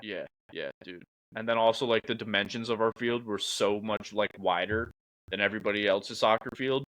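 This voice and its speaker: A young man co-hosting a podcast, talking in a relaxed, profane way and dropping "dude" often. His voice sits a little low. The sound is dry and close. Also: moderate pace, dry recording, low-quality recording. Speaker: podcast co-host. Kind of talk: casual chat.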